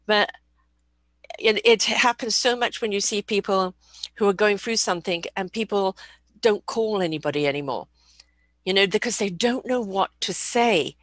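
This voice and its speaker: A woman's voice: mid-range voice, normal speed, fairly bright tone, no room sound. A woman host speaking earnestly in a conversation, repeating phrases to stress her point. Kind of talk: casual interview talk.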